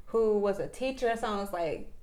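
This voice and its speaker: A woman's voice: medium pitch, lively intonation, brisk, a little mellow. Chatty laughing woman podcast host. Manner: chatty, laughs often, teasing. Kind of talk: casual chat.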